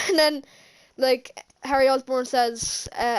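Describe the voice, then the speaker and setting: The movie reviewer, a woman with a high voice and fairly even intonation, recaps a film at an unhurried pace with hardly any pauses. Her telling is casual and rambling, full of giggles and restarted sentences.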